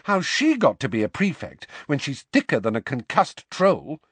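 A man voicing a bossy, exasperated teenage schoolgirl in a storybook reading, raised high and sharp. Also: huge pitch swings, normal speed, slightly rough, no room sound, full character voice. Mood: indignant. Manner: sharp and indignant.

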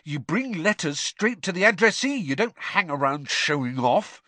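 A man voicing a curt, sharp-tongued teenage schoolboy in an audiobook reading. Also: sits high, huge pitch swings, fast, no room sound, pitched above the performer's own voice, full character voice. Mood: snappish. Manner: snappy, curt. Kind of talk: audiobook character voice.

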